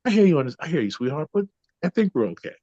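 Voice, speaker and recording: A man voicing a gentle wife who stays calm and sweet and never raises her voice, on a dull, dry recording. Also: medium pitch, normal speed, dry recording, close to an everyday voice. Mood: sweetly calm. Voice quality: soft, even-tempered.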